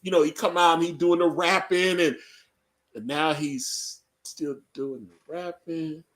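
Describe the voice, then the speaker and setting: A man's voice: fairly high pitch, steady tone, unhurried, a bit bright. A man co-hosting a casual live reaction chat, rambling and joking with frequent laughs. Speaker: podcast co-host.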